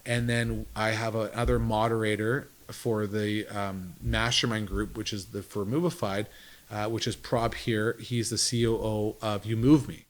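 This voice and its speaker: This business owner guest has a lowish voice with little pitch movement and a measured pace. Telling stories in a casual interview, he wanders between thoughts and imitates what people told him.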